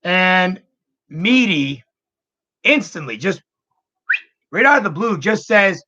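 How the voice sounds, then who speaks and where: A man's voice: high-pitched, very animated, slow, pushed and bright. A man hosting a casual vlog, telling a personal story in an emotional, rambling way and repeating himself. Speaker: channel host. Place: home computer room. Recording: dull lo-fi home recording.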